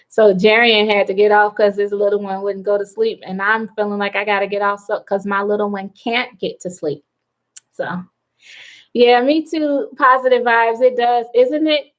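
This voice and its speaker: A woman's voice: a little high, poor audio. A woman hosting a casual live stream from home at night, reading viewer comments aloud and chatting with frequent laughter. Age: adult with children. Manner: chatty, laughs often, slow and relaxed.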